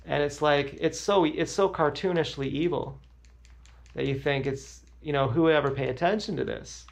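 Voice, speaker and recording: A man's voice: on the high side, moderate pace, creaky, highs cut off. A young man streaming live, talking in a rambling, repetitive and agitated monologue. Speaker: livestreamer. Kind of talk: emotional livestream monologue.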